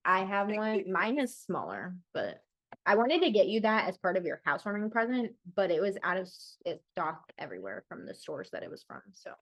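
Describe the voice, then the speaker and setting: A woman's voice: mid-range voice, sing-song, a little fast, no room sound. A woman hosting a podcast in casual chat, upbeat and teasing. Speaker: podcast host. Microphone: remote mic without its adapter.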